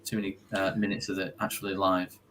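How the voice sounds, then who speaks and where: Bright-voiced easygoing man. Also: deep voice, little pitch movement, fast, slight background noise. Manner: easygoing, rambling. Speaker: co-host. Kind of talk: casual chat.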